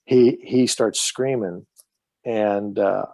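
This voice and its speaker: A man's voice: fairly low pitch, fairly even intonation, slow, creaky, dark tone, no room sound. A man telling stories as a podcast guest in casual chat, profane and rambling with many restarts.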